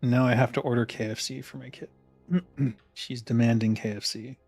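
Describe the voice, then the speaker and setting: A man's voice: medium pitch, fairly even intonation, moderate pace, darkish tone, dry recording. Guy streaming, rambly and sweary, laughs a lot, dry close sound, faint music behind. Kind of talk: casual chat while ordering food online.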